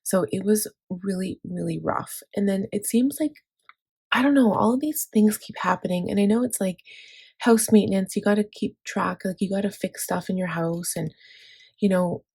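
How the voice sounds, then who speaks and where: A woman's voice: medium pitch, normal speed, vocal fry, darkish tone, breathy edge. A woman in her thirties, a planner vlogger, chatting casually and tiredly, rambling with many fillers and restarts. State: tired and low. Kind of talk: casual chat.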